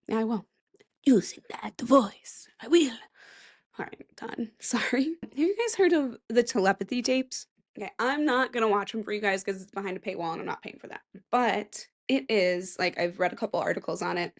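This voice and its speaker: A woman in her thirties hosting a casual solo podcast, chatty and rambling with sarcastic asides. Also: medium pitch. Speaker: podcast host.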